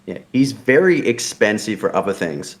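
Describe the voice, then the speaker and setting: A man's voice: fairly low pitch, big pitch swings, normal speed. A tired man, telling crude, joking stories in casual chat. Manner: joking storyteller, crude banter. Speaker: show regular, wrestler.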